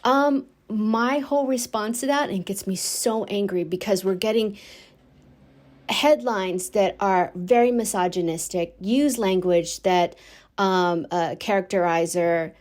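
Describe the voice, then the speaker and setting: A woman's voice: medium pitch, unhurried, darkish tone. A woman hosting a casual podcast, chatty and rambling, with many fillers and restarts and easy laughs. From United States. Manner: laughs easily. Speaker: podcast host. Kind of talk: casual solo podcast chat.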